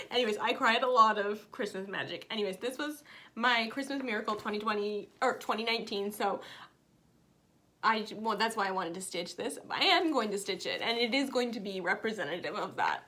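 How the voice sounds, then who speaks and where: A woman's voice: mid-range voice, fairly quick, sharp tone. A woman in her thirties chatting casually to camera at home, telling a personal story with lots of emotion. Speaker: flosstube vlogger. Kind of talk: casual chat.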